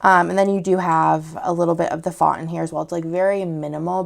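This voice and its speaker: A woman's voice: on the low side, steady tone, fast, creaky. A woman with a sore throat and a sick voice, showing off her shop's new products in a casual, rambling way full of fillers.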